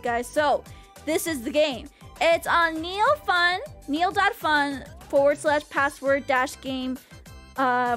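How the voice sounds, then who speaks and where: A young woman streamer chatting casually with her viewers in a bubbly, rambling way and swearing now and then. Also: sits high. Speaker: VTuber streamer. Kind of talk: casual livestream chat with viewers.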